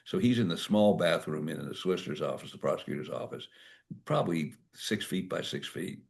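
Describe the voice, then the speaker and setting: A man's voice: sits low, animated, fairly quick, creaky. An older man, an author and former prosecutor, telling anecdotes at a book talk and acting out the dialogue.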